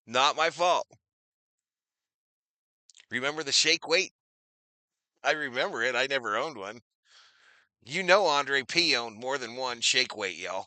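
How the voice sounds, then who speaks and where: A man's voice: medium pitch, expressive, measured pace, pauses often, pushed and bright, dry recording. A middle-aged man hosting a live watch-party stream, chatting casually, reading viewer comments aloud and calling plays as they happen. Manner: chatty, reads viewer comments, repeats phrases, addresses chat as y'all.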